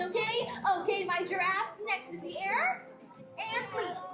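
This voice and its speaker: A woman's voice: extremely high pitch, moderate pace, roomy sound, loud music behind the voice. A woman hosting a live theme park pre-show, playful and sassy as she banters with the crowd. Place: outdoor theme park stage.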